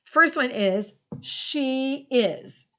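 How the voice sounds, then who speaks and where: A middle-aged woman teacher leading a recorded phonics lesson for young children, upbeat and encouraging, spelling words out slowly letter by letter. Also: high-pitched, expressive, fairly bright tone, dull audio.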